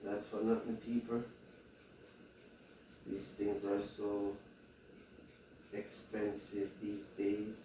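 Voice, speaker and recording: A man with a Jamaican accent talks slowly and chattily to his viewers while he cooks, his fairly low voice picked up from a distance. The kitchen around him is very echoey, with steady background noise. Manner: slow, chatty, addresses viewers directly. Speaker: cooking vlogger. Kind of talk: casual cooking demonstration. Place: home kitchen.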